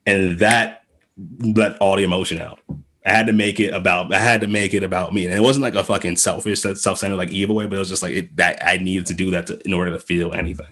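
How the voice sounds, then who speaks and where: A man's voice: low-pitched, fairly even intonation, fast, a bit bright, slightly rough. A man in casual conversation, rambling and restarting often, swearing freely and acting out quoted remarks. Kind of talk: casual podcast chat.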